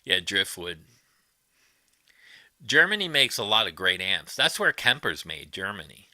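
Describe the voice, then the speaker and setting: A man's voice: on the low side, sing-song, a little slow, sharp tone, no echo. A man hosting a casual livestream, chatting with viewers and giving blunt, profane opinions. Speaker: livestream host. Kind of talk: casual livestream chat, reading viewer comments.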